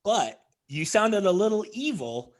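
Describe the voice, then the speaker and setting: A male comedian guest in casual podcast chat, telling an animated story and acting out the people in it. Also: high-pitched, unhurried. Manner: animated storyteller who acts out the people in his stories.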